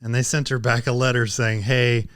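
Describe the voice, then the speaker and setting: A man's voice: medium pitch, level tone, brisk, a bit bright, dry recording, studio quality. A man co-hosting a podcast, recounting news stories in casual chat. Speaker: podcast co-host.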